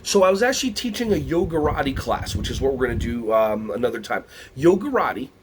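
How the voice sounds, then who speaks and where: A man from the United States leading a lively workshop for early childhood educators, playful and energetic. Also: medium pitch, quick pace, slight background noise. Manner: animated, playful, breaks into songs and silly voices.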